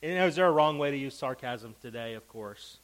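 A man's voice: medium pitch, lively intonation, fast talker, low-quality recording. A man teaching a Bible lesson to a class. He reads scripture with emphasis and keeps checking in with the group.

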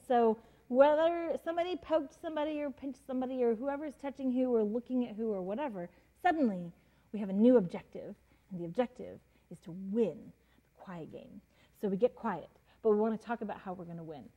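Mom leading a casual Bible lesson; higher, mellow voice, chatty and animated. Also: female voice, a little fast, poor audio. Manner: chatty, many fillers, laughs often, acts out quotes. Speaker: Bible teacher and mother. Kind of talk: casual devotional Bible teaching.

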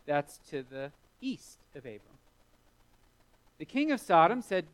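A man's voice: on the high side, sing-song, measured pace, poor audio. A man preaching a sermon, retelling a story vividly with rising emphasis. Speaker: pastor.

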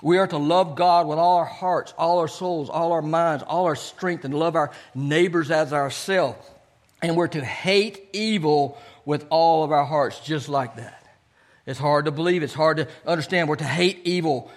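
Man, pastor, earnest sermon, repeats phrases, slightly high voice. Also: normal speed. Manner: earnest, repetitive preaching with calls of "Amen?".

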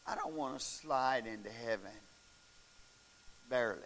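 A middle-aged male pastor telling stories in a sermon, animated and breaking into shouts and laughs at the peaks of a story. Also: mid-range voice, a little slow. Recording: faint hiss.

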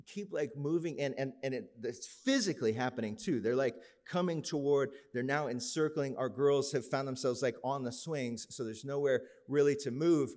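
Animated man telling a story in a hall. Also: medium pitch, normal speed, few pauses. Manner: animated, acts out the voices in his story. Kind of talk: storytelling sermon. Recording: long hall reverb.

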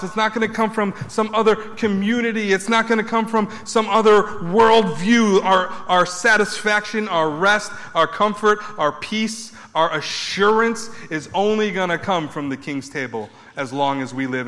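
A man preaching a sermon, building emphatic repeated points and then dropping his voice low. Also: normal speed, few pauses, bright, forceful tone, big-room sound. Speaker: pastor.

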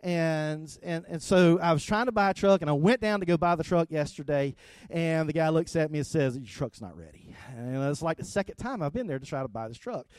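A man's voice: on the high side, fairly quick, clear, resonant tone, no room sound. A middle-aged man preaching a conversational sermon, telling everyday stories with frequent asides to the congregation. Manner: conversational, storytelling, rising to loud animated retelling. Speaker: pastor.

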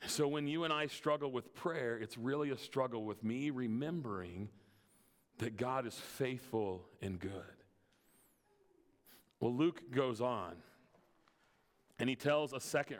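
A male pastor gives a casual, heartfelt sermon, stumbling over his first words and adding light laughs. His voice sits at an ordinary pitch. It rings with the long reverb of a church hall. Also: a little slow. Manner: earnest, repeats words when starting sentences, laughs lightly. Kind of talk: conversational sermon.

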